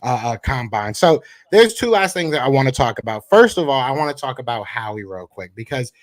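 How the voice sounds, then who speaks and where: A man's voice: medium pitch, sing-song, brisk, no echo. A man, co-hosting a casual sports podcast, talking in rambling bursts with many restarts. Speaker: podcast co-host.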